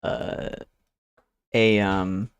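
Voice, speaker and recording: A man's voice: lowish voice, flat delivery, extremely slow, clear, resonant tone, no room sound. A young man streaming, chatting casually and rambling while he works, with easygoing talk and casual swearing. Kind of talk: casual chat while working.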